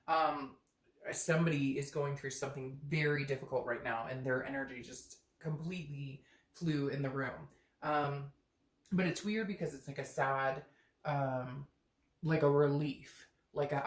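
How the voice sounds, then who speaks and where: A woman's voice: low voice, normal speed. Chatty woman reading tarot, echoey room. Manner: chatty, earnest, thinks aloud with many fillers. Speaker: tarot reader. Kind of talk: casual tarot reading to camera.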